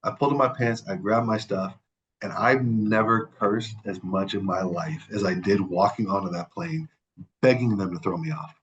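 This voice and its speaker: A man, a podcast guest, telling a story in a casual, animated and profane way, acting out the people he quotes. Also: on the low side, moderate pace, muffled recording, a little hiss or hum.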